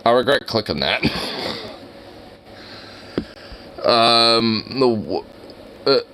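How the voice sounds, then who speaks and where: A young man doing casual reaction commentary, incredulous and excitable, who swears a lot and trips over his words. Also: mid-range voice, drawn-out words, a little hiss or hum. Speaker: reaction video host.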